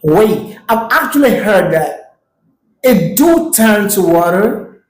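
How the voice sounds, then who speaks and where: A woman's voice: mid-range voice, lively intonation, slow pace, a little mellow, reverberant, low-quality recording. A woman hosting a reaction video, chatting casually and exclaiming as she talks back to a clip.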